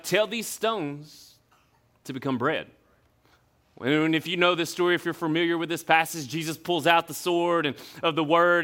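A man preaching a sermon to his church, animated and dropping low and slow when he reads scripture. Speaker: pastor.

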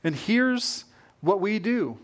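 A male pastor preaches with animated energy and often repeats his phrases to drive a point home. His voice sits a little higher than most men's. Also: slow. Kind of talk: sermon.

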